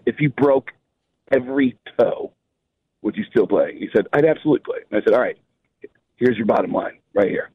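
Animated man telling comic stories. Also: mid-range voice, slightly rough, narrow, tinny audio. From New York. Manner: lively storyteller, voices the people in his anecdotes. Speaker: stand-up comedian, guest. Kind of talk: animated storytelling on a talk show.

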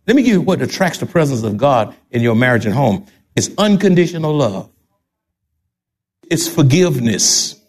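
A man's voice: medium pitch, very animated, normal speed, darkish tone. An older man with a Texan accent, a pastor preaching a sermon emphatically and repeating key phrases.

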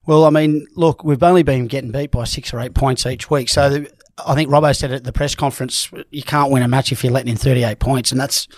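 A man's voice: medium pitch, steady tone, brisk, hardly any pauses, no echo. A man co-hosting a club radio show, joking around with a player in casual sports chat. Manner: jokey, upbeat presenter.

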